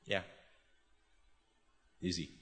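A man's voice: extremely slow, a bit bright. A man with a Ghanaian English accent, preaching a sermon with emphatic bursts and playful mimicry of his listeners. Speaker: pastor.

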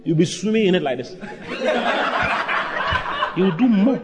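Lively preaching man, animated pitch. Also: slow, very noisy. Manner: animated preaching with acted quotes, asks the congregation questions. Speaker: pastor. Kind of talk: sermon.

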